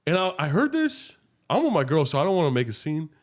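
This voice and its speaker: A man's voice: on the high side, quick pace. A young man from Los Angeles, co-hosting a casual podcast chat, telling stories with lots of swearing and acting out other people's voices. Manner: animated storytelling, heavy swearing, acts out voices. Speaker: podcast co-host.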